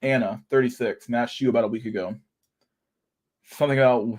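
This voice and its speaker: A man's voice: mid-range voice, steady tone, fairly quick, long pauses, a little mellow, slightly rough, no room sound, studio quality. A young man from Canada, rambling and swearing casually as the host of a livestream chat. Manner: rambling, profane, laughs at memes.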